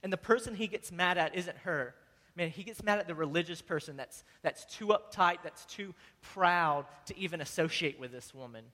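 A man's voice: on the high side, moderate pace, sharp tone, in a large hall. A man preaching a sermon in a casual, earnest way, often saying "man" and repeating words as he goes. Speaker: pastor.

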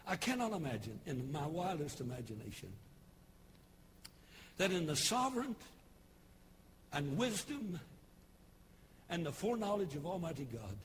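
A pastor in his sixties with a Tennessee Southern accent, preaching a folksy, humorous sermon with homespun storytelling and sudden shouted bursts. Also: fairly high pitch, big pitch swings, measured pace, long pauses, slight background noise. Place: church service broadcast on television.

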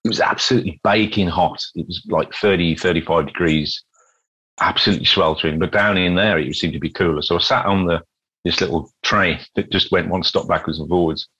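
A man from the UK, a street musician telling anecdotes as an interview guest with lively restarts. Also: deep voice, brisk, husky, highs cut off. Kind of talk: casual interview storytelling.

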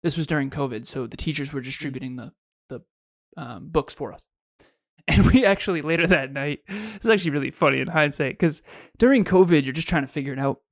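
Male podcast co-host, casual storyteller, slightly high voice, dry close-miked sound. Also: a little fast, no echo. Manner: storytelling, self-correcting restarts.

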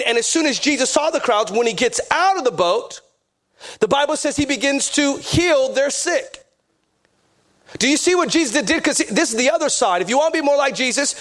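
A pastor preaching a sermon with emphatic, repetitive phrasing. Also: male voice, very high-pitched, a bit bright.

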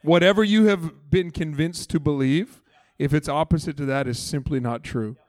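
A man's voice: a little high, normal speed, darkish tone, no room sound. A man preaching a church sermon as pastor, earnest and emphatic, with chatty asides to the congregation. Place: church service.

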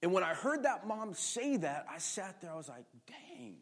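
A middle-aged male pastor preaching a sermon, swinging from shouting to near-quiet storytelling and calling on the congregation with questions. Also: high voice, very animated, normal speed.

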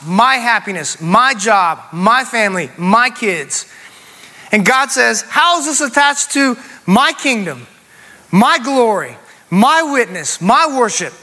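A man's voice: very high-pitched, sharp tone. A middle-aged man preaching a sermon, driving points home with emphatic repetition and calling for responses from the congregation. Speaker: pastor.

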